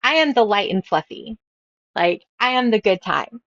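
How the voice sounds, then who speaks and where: A woman's voice: medium pitch, lively intonation, normal speed, fairly bright tone, no room sound, lo-fi sound. A bubbly woman author in her thirties, chatting casually on a podcast and laughing at her own stories. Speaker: author guest.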